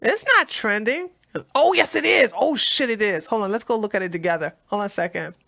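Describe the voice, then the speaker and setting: A woman's voice: medium pitch, fairly quick, gravelly, sharp tone, no room sound, studio quality. A woman ranting on a casual political live stream, blunt, profane and mocking, who often repeats herself. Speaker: political commentator on a debate stream.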